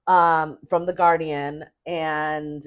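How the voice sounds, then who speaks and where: A middle-aged woman co-hosting a casual sports podcast, chatty and emphatic, rambling with quick restarts. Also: low-pitched, level tone, clean tone. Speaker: podcast co-host.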